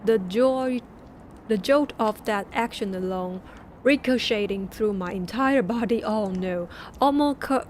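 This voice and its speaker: Lady reading a book on stream, trips over words, chatty asides, middle pitch. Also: slight background noise. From Taiwan. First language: Mandarin. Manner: halting reading with restarts and self-corrections; laughing asides between passages.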